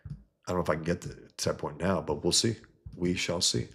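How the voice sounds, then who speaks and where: A man's voice: deep voice, flat delivery, a little fast, vocal fry, fairly bright tone, husky. A man hosting a casual livestream, talking with enthusiasm and often repeating his words. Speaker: comic creator hosting a livestream.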